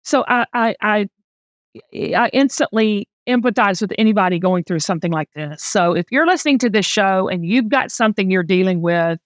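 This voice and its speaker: A woman's voice: mid-range voice, lively intonation, normal speed, dry recording, studio quality. A middle-aged woman with a Southern US accent, hosting a podcast and talking candidly and emotionally in casual chat. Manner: emotional, candid, chatty storytelling. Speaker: podcast host.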